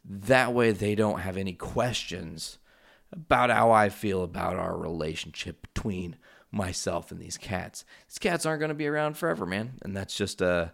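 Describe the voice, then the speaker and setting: A man's voice: low-pitched, moderate pace, creaky. A man hosting a casual solo podcast from his home, rambling and swearing freely as he drifts off on tangents. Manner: rambling, profane, goes off on tangents. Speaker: podcast host.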